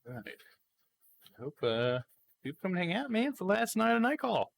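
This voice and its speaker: A man's voice: sits high, big pitch swings, moderate pace, vocal fry, a bit bright. A man live-streaming a game, chatting with viewers and reading the game's text aloud.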